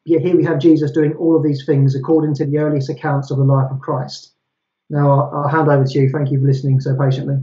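A Christian debater argues in a street debate, methodically citing scripture verse by verse to make his case. His voice is on the high side and mellow, with little pitch movement, and he talks fast. The recording sounds echoey, dull, and lo-fi.

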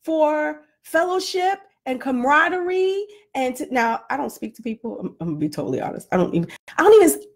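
High-voiced woman ranting with laughs. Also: brisk, hardly any pauses. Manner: animated, self-deprecating, laughs often. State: flushed and winded from workout. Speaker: vlogger. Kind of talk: casual comedic rant to camera.

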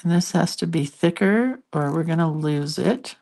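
A woman's voice: deep voice, expressive, normal speed, creaky, mellow. An older woman chatting casually on a live stream while she draws, telling stories with giggles and asides. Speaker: hand-lettering artist hosting a live stream.

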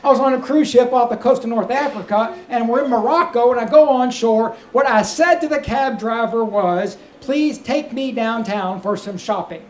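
A man's voice: very high-pitched, moderate pace, few pauses, a little hiss or hum. A male stand-up comedian working a cruise ship show lounge, spinning stories with mock-earnest asides. His voice carries through an echoey room. A faint murmur of ambience hangs behind him. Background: audience laughter.

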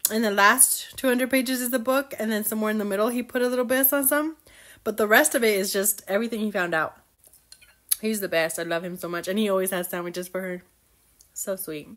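A woman's voice: medium pitch, a little fast, fairly bright tone. A young woman chatting casually as she recaps a novel for her book club, gushing and acting out characters' lines.

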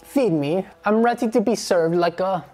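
A man's voice: high voice, normal speed, over music. A young man filming a prank vlog who teases his girlfriend in a mock-stern, playful way.

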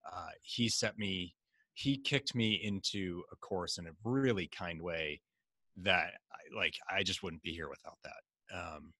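A middle-aged man with a low voice and a bright, forward tone tells personal stories in a candid, reflective manner. The sound is dry and close, with almost no room echo. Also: unhurried, husky. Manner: earnest, reflective, quotes others in lively asides. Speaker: podcast guest, life coach. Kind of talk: candid conversational storytelling.

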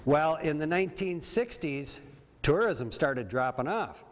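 A man's voice: on the high side, lively intonation, unhurried. A man from Minnesota giving an informal talk to an audience, who often checks in with his listeners. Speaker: presenter on septic systems. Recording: long reverb of a hall.

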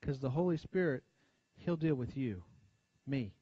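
An American man preaching a sermon, talking plainly to his congregation, asking for amens and dropping his voice low and quiet to stress key points. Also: lively intonation, measured pace, breathy edge, no echo. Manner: conversational preaching, frequent call-and-response asides. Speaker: pastor. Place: church sanctuary. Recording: dull lo-fi church recording.

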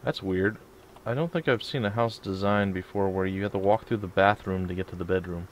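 A man's voice: low voice, brisk, slight background noise. A man hosting a let's play video, chatting casually and joking while he plays. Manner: joking, chatty, mumbles asides. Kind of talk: casual gameplay chat.

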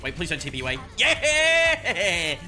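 A young man streaming a video game, talking to himself with excitable commentary and sudden yelps. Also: medium pitch, fast. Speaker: gaming streamer. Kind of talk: live gameplay commentary. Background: background music.

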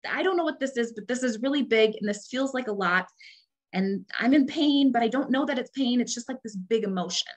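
A woman's voice: a little high, lively intonation, brisk. A woman voicing a hurt, overwhelmed toddler who is confused by pain, speaking in a raised, wavering voice.

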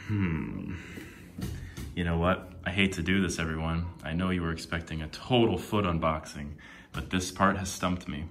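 Background noise accompanies a young man's deep voice as he struggles to open the product he's reviewing at a moderate pace. It's a comedic unboxing vlog, full of strained, breathless grunts, muttering and sudden whispers.

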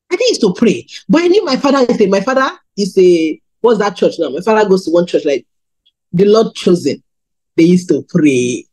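A woman's voice: breathy edge, poor audio. A Nigerian woman preaching her testimony. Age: 30s. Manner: candid storytelling, animated pitch swings. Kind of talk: sermon testimony.

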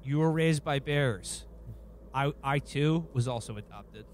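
A man riffing in a halting, mock-earnest comedic way, full of restarts. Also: medium pitch, slight background noise.

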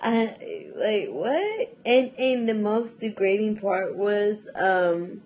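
Slow, rambling young woman chatting. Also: mid-range voice, expressive, a little mellow. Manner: rambling, chatty, with many fillers and restarts. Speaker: vlogger. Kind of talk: casual chat to camera.

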